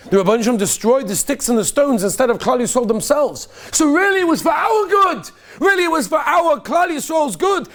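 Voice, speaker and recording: Rabbi, man, high voice, lively teaching storyteller who swells to near-shouts. Peppers English with Yiddish. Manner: animated storyteller, rising to near-shouts at peaks; mixes Yiddish and Hebrew terms into English. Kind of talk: Purim sermon with storytelling.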